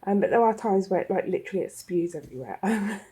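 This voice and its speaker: Woman, casual craft vlog, mellow slightly husky voice, chatty with ums. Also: medium pitch, lively intonation, fast talker. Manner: chatty, rambling, with frequent ums and laughs. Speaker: craft vlogger. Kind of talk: casual room tour. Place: home craft room. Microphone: handheld camera.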